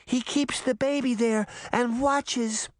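A man voicing a fragile, confused little girl who is high and tearful, in a storybook reading. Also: steady tone, slow pace, no echo, studio quality, close to an everyday voice. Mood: haunted.

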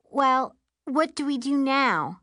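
A woman's voice: high voice, lively intonation, slow pace, sharp tone, dry recording, clean studio sound, pitched above the performer's own voice, exaggerated voice. A woman reading the part of a scared, sulking teenage sister with a whiny, complaining manner.

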